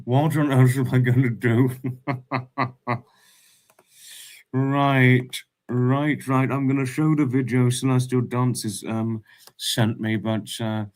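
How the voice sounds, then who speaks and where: A man's voice: medium pitch, flat delivery, slow pace, pauses often, darkish tone. A man hosting a casual livestream, reading chat messages aloud and reacting with frequent laughs.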